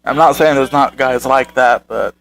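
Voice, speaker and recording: A man's voice: mid-range voice, moderate pace, creaky, a bit bright, soft background music, low-quality recording. A man hosting a commentary video, reading out social media posts and answering them with sarcastic, exasperated remarks.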